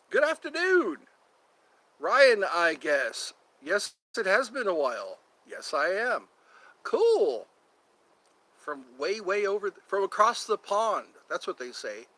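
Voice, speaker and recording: A man hosting a casual outdoor live stream, rambling to his viewers and to a cat nearby. His voice sits a little high and sounds bright and forward. He talks slowly and drifts into sung lines from old tunes. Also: rough recording. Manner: rambling, sings snatches of songs, chats to viewers and a cat. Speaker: livestream host. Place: outdoors near a yard or forest edge.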